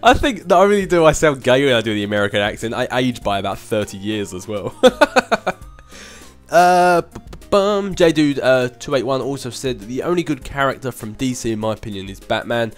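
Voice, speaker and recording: Soft music runs under this young man's mid-range voice as he answers viewer questions on his channel. His pitch swings widely and he talks briskly, rambling along in a chatty, casual way, laughing often and humming fillers.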